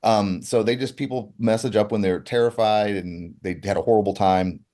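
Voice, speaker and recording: A man co-hosting a live health stream, taking viewer questions and answering them plainly and calmly. He sounds easygoing and reassuring, with a voice a bit lower than most men's. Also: moderate pace. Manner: relaxed, reassuring, matter-of-fact. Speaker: co-host reading viewer questions. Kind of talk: casual livestream chat.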